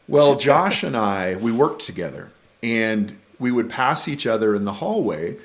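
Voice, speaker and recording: A middle-aged man telling personal stories as a podcast guest, earnest and halting, with frequent restarts. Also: lowish voice, a bit bright. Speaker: podcast guest, bereaved father. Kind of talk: conversational storytelling.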